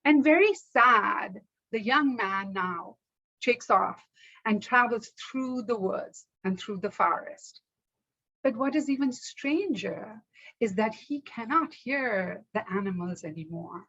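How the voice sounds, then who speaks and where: Slow, bright-voiced woman storyteller. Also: a little high, lively intonation, dull audio. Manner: measured, rhythmic storytelling. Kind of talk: oral folktale telling.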